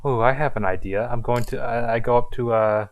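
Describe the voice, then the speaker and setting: A man's voice: mid-range voice, steady tone, brisk, narrow, tinny audio. A man chatting as a player in a tabletop game, eager with ideas. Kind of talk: casual tabletop game chat.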